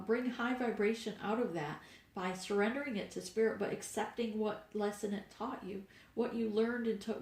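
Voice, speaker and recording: A woman with a middle-pitched voice reads tarot in a loose, wandering way, stopping for fillers and small laughs. She sounds a little stuffed up. The room around her echoes. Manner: meandering, with fillers and soft laughs. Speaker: spiritual reader. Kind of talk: casual tarot reading monologue.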